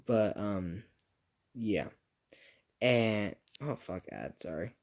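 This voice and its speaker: A young man with a slightly low voice tells a story in a loose, rambling way, swearing constantly. He mocks himself casually as he talks. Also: expressive, extremely slow, a little mellow. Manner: rambling, profane, self-mocking. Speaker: storyteller recounting a school story.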